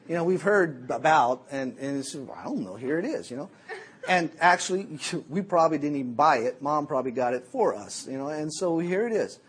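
A middle-aged man preaching a sermon as a Bible teacher, telling jokey, animated stories. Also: fairly high pitch, slightly rough.

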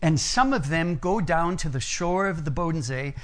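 American man, sermon, fairly high voice, earnest storytelling, shifts loudness. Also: animated, normal speed. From United States. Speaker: preacher. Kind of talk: sermon with personal stories.

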